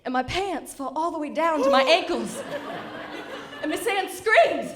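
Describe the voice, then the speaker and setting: Woman storyteller, higher voice, wry, confiding, live on stage. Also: lively intonation, measured pace, background noise. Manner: wry and confiding, talks to the audience. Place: stage of a cultural center.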